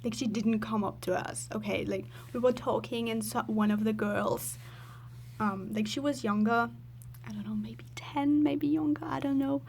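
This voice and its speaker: A woman's voice: fairly high pitch, fairly even intonation, normal speed, vocal fry, darkish tone, slight background noise. A woman telling a story in a casual, rambling voice-over, filling her talk with "like" and giggling often. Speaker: video creator.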